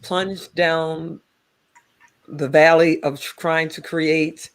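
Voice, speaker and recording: A woman's voice: low voice, flat delivery, slow. Playful woman co-host saying y'all. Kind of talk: casual talk-show chat.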